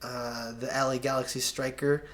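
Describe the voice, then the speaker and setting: A man's voice: medium pitch, level tone, normal speed, fairly bright tone, a little hiss or hum. A man commentating over match footage in a casual video breakdown, critiquing players with exasperated asides and slang. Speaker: soccer analyst.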